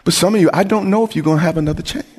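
A man preaching a sermon with passion, moving from low, quiet lines to raised, shouted appeals. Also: rapid-fire, in a large hall. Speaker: pastor.

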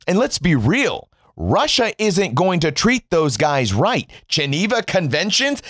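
A man delivers a biting political rant, swearing freely and mocking as he goes. His pitch swings widely from low grumbles to high jabs. The recording is dry and close, with no room sound. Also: sing-song, unhurried, hardly any pauses, a bit bright, no room sound. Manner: mocking, sarcastic, emphatic swings in tone. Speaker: commentator.

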